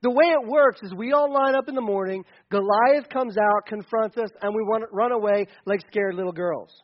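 A man's voice: sits high, moderate pace, lightly acted. A man voicing a hot-tempered, scornful older brother who scolds and sneers. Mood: mocking. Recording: dull lo-fi recording.

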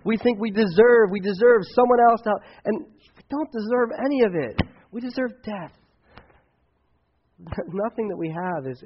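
Pastor preaching, kinda high voice, loud then quiet, muffled lo-fi sound. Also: male voice, slightly rough. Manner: emphatic, swings from loud outbursts to quiet asides. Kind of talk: sermon. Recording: dull lo-fi recording.

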